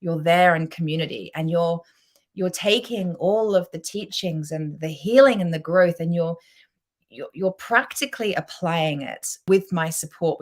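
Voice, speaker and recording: Woman, low voice, self-love coach, live-stream pitch, effusive, chatty. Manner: effusive, chatty, reads out viewer comments.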